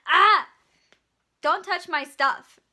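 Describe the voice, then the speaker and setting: Curt, rude man shouting at a girl bagging, as a woman quotes him. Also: high voice, expressive, normal speed. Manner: curt, loud outburst. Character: rude man who refuses female help.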